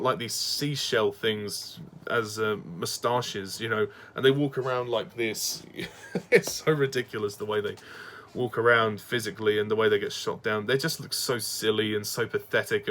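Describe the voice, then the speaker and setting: A man's voice: medium pitch, sharp tone. A man giving a casual, blunt, opinionated review, laughing often and restarting his sentences. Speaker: video reviewer.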